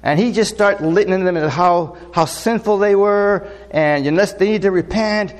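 A man's voice: sits high, normal speed, long reverb tail. A man preaching a sermon in a loose, conversational way, full of fillers and rhetorical questions. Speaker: pastor.

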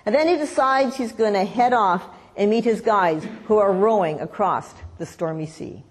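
A woman preaching a sermon, telling a story in a lively way and acting out the voices in it. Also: mid-range voice, normal speed, a little hiss or hum. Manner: animated storytelling, acts out voices in quotes. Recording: long hall reverb.

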